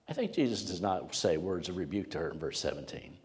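Pastor, male, low-pitched, earnest sermon delivery with hushed moments, sanctuary reverb. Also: sing-song, brisk, hardly any pauses. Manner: earnest, rises loud for emphasis and drops to near whispers. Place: church sanctuary. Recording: long hall reverb.

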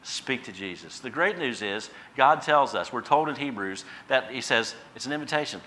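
A man preaching a sermon as pastor, swinging from quiet asides to loud emphatic bursts. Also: mid-range voice, normal speed, hardly any pauses.

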